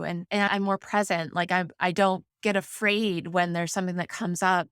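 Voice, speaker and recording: A woman's voice: fairly low pitch, fairly even intonation, moderate pace, few pauses, a bit bright, clean tone, dry recording, clean studio sound. A woman in her forties, a podcast guest, talking candidly about parenting and sobriety, rambling with frequent restarts and fillers. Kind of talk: conversational interview.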